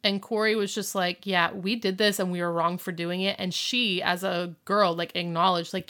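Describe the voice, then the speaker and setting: A woman's voice: fairly low pitch, fairly even intonation, moderate pace, hardly any pauses, pushed and bright. A woman co-hosting a podcast, casually recapping a TV episode and acting out the characters' lines with lots of "like" fillers. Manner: chatty, many "like" fillers, acts out quotes. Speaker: podcast co-host.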